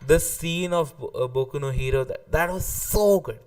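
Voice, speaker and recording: A man in casual live-stream reaction commentary, excitable and swearing freely, often restarting his sentences. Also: a little high, moderate pace, distant mic. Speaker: streamer ranking anime arcs.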